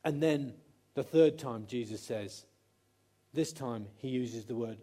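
A man's voice: mid-range voice, slow, mellow. A man preaching a conversational sermon, often acting out quotes and restarting his sentences.

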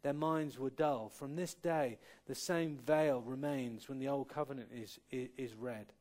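A man's voice: medium pitch, unhurried, a little mellow. A man from Cornwall preaching a sermon, earnest, with light humorous asides and frequent restarts. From Cornwall, England.

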